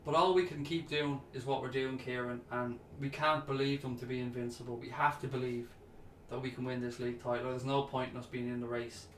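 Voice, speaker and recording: A man's voice: mid-range voice, flat delivery, fairly quick, hardly any pauses, a bit bright, reverberant, a little hiss or hum. A man hosting a casual fan chat livestream, reading out viewer comments and chatting back to them, calling people mate.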